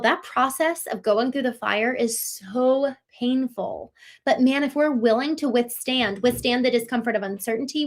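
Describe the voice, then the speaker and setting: A woman from Maryland hosts a live show with a somewhat high voice. She reads and answers chat comments in a warm, effusive way, circling back through fillers and restarts as she thinks aloud.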